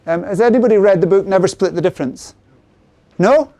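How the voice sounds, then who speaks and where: A middle-aged man presenting a sales workshop who keeps checking in with the audience through quick tag questions. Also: high-pitched, mellow, no room sound. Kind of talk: interactive seminar talk.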